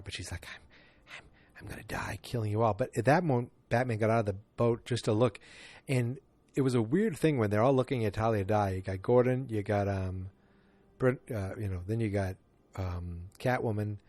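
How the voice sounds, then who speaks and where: Husky-voiced man rambling on a podcast. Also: on the low side, a little mellow, no echo. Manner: rambling, loose, full of fillers and restarts. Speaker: podcast host. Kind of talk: casual movie review podcast.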